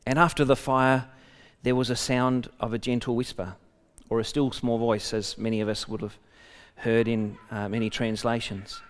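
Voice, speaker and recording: A man's voice: mid-range voice, little pitch movement, moderate pace, in a large hall. A man preaching a sermon, reading a scripture passage aloud and breaking off for conversational asides to the congregation.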